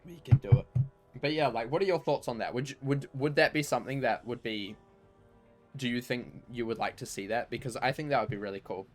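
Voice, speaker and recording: A man's voice: mid-range voice, brisk, soft background music. A man chatting casually on a game livestream, rambling and full of fillers. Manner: rambling, lots of "like" and "you know". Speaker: game streamer.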